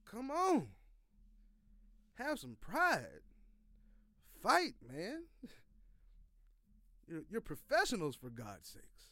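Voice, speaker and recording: A man's voice: high-pitched, wildly swooping pitch, extremely slow, long pauses, sharp tone, no room sound. A man hosting a sports podcast, delivering a loose, profane, slangy rant with lots of repeated phrases. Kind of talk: casual sports commentary monologue.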